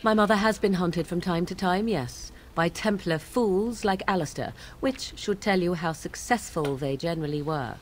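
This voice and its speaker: A woman's voice: on the low side, normal speed, hardly any pauses, slight background noise, natural voice. An actress voicing a young, aloof, sardonic witch in a video game, speaking in a cool, archaic, mocking way. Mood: cool wry. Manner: archaic cool speech, wry amusement.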